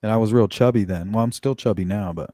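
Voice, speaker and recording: A man's voice: lowish voice, fast, warm tone, dry recording. Middle-aged guy talking on a livestream, blunt, cusses, laughs a lot, dry close sound. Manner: blunt, profane, laughs often. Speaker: livestream host reading chat. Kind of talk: casual live chat.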